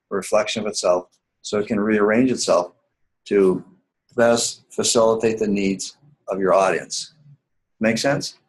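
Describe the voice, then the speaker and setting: Leading a writing seminar class live, this man speaks in a fairly low voice over a poor-quality recording. He stresses and repeats the main points, frequently checking with questions whether the class is keeping up.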